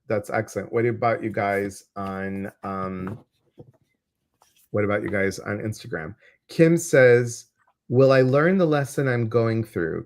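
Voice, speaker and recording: A man hosting a livestream as an intuitive coach, chatting casually, greeting viewers and reading their comments. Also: lowish voice. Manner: warm, chatty, addresses viewers directly. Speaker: intuitive coach and stream host.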